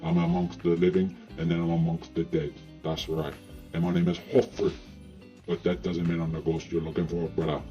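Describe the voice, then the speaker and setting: A man's voice: low-pitched, little pitch movement, normal speed, warm tone, close to an everyday voice. A man voicing a laid-back, rude male ghost in a put-on Jamaican accent, drawling and swearing. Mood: cocky. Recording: dull lo-fi sound with guitar music.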